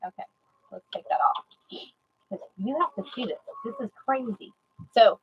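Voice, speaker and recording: A woman giving a live sewing demonstration, chatty and excitable, repeating herself and greeting viewers. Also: fairly high pitch, normal speed, pauses often, husky, dull audio. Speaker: sewing instructor.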